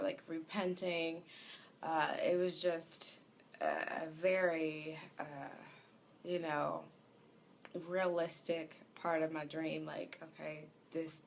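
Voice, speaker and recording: A woman telling a personal story, hesitant and full of fillers, her voice growing softer as she goes. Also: on the low side, a little hiss or hum. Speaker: vlogger. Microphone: home recording.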